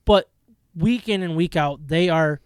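A man with a notably high voice chats about football as a podcast co-host, excitable and quick to laugh, with plenty of restarts. His voice sounds close and dry, with no room around it. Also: smooth, dry recording. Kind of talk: casual sports chat.

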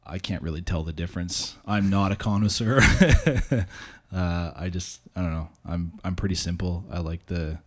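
A man's voice: low-pitched, steady tone, brisk, few pauses. A man, the show's technical producer, chatting casually in a laid-back, modest, hesitant way. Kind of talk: casual chat.

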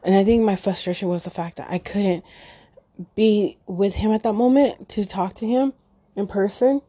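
A middle-aged woman talking unscripted and emotionally, halting with many fillers and restarts, choked up and near tears. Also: mid-range voice, warm tone. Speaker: podcast host. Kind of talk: unscripted personal monologue.

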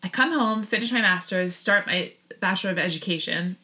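A woman in her thirties speaks as a podcast guest with a bright, sharp tone at a middling pitch. She tells a long personal story, often breaking off mid-sentence, correcting herself and laughing as she goes. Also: brisk. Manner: rambling, self-interrupting, laughs often. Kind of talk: casual storytelling interview.

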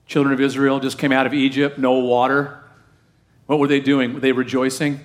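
A man's voice: mid-range voice, flat delivery, brisk. A middle-aged man, a pastor giving a sermon in a conversational way and putting questions to the congregation.

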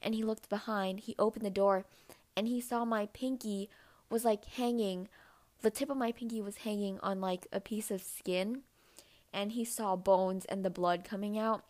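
Chatty young woman telling a story. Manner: chatty, many "like" fillers, acts out quoted voices in a higher pitch. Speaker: podcast host. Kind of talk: casual personal storytelling.

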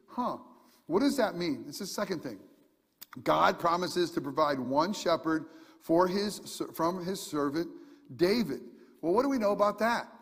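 Preacher guy, high voice, emphatic and chatty, lots of ums, echoey church hall. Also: animated, moderate pace, breathy edge. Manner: earnest, emphatic, conversational with many fillers and restarts. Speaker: pastor. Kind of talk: sermon.

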